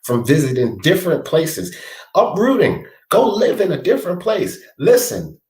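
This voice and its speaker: A man's voice: fairly high pitch, huge pitch swings, normal speed, darkish tone. A man hosting a casual talk stream, rambling as he reads viewers' comments aloud and speaks to them by name. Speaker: livestream host reading chat. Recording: echoey room.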